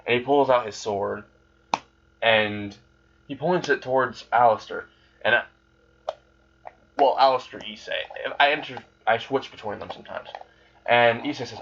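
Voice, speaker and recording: A man's voice: medium pitch, moderate pace, pauses often, a bit bright, lo-fi sound. A man casually retelling a fan-made story, rambling and swearing freely as he goes.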